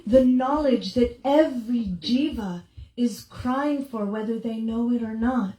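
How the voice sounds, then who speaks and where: A middle-aged woman with a bright, high voice tells stories to a gathering with plenty of animation. She slips into the voices of the people she quotes and laughs as she goes. The sound carries around an echoey room. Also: a little slow. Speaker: devotional speaker. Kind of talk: storytelling talk to a gathering.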